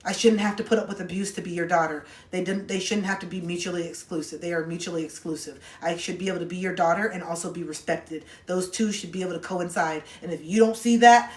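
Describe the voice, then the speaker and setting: A woman's voice: fairly low pitch, a little mellow. A young adult woman giving advice on a phone livestream, talking bluntly, directly and with sarcasm. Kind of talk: casual livestream advice talk. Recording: roomy echo.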